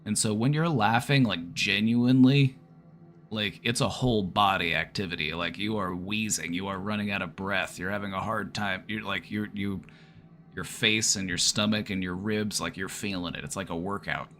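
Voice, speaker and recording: A man's voice: on the low side, fairly even intonation, moderate pace, fairly bright tone. A man from the Midwest with a Midwestern accent, chatting casually on a live stream as an online therapist, rambling and restarting his sentences. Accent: Midwestern American. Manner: rambling, repeats words and restarts.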